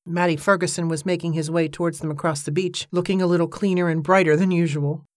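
A narrator reading an audiobook in an even, measured way, giving the characters light voices. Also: medium pitch, no echo, studio quality.

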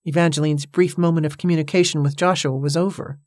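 A narrator reading a historical novel aloud in a measured, even way. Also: mid-range voice, dry recording, studio quality. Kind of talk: audiobook narration.

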